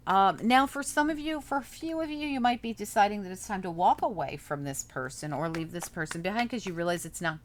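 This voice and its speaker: A woman's voice: mid-range voice, a little hiss or hum. A woman doing a casual tarot reading, chatting and thinking aloud as she turns the cards over. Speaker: tarot reader.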